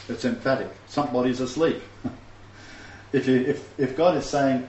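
A man's voice: medium pitch, normal speed, a little mellow, slight background noise. A man preaching a sermon, reading scripture and speaking with fervent emphasis and scornful asides. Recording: roomy, distant, dull recording with faint ambience.

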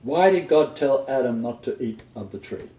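A man's voice: mid-range voice, expressive, normal speed. A man leading an interactive Bible study, quizzing his group and laughing often. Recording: roomy dull lo-fi recording.

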